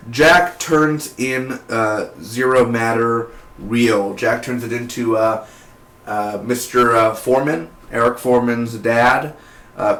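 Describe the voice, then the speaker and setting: A man's voice: mid-range voice, fairly bright tone. A man giving a casual, rambling recap review of a TV episode in an offhand, slangy way. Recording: roomy echo.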